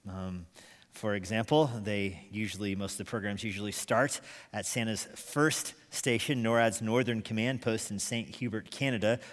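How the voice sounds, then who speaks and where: Man, preacher, sermon storytelling, animated, reverberant church hall. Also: fairly low pitch, normal speed. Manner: animated storyteller, chuckles often. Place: church sanctuary.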